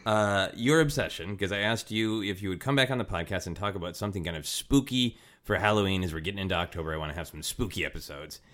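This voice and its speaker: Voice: sits low, quick pace, hardly any pauses, a bit bright. A podcast host chatting casually, teasing the guest and laughing often. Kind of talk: casual comedic chat.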